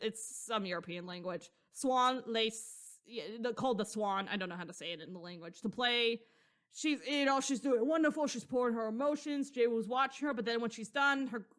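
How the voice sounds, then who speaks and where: A woman with a somewhat high voice retells a story in loose podcast chat. She rambles, piles on slang and swears freely, laughing along as she goes. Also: fairly bright tone. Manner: rambling and slangy, with frequent profanity; laughs often while telling the story. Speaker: podcast co-host. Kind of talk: casual chat recapping a novel.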